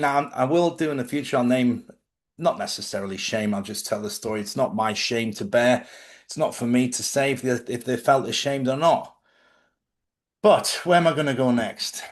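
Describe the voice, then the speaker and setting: Man, casual spiritual talk, storytelling, asks listeners questions, mid-pitched voice. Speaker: host.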